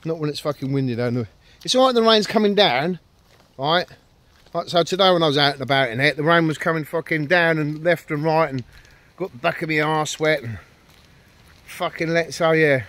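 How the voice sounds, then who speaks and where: A man's voice: fairly high pitch, normal speed, a bit bright, no echo. A man vlogging outdoors with his dogs, rambling and ranting, heavy with swearing and self-deprecating jokes. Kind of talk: casual rambling vlog.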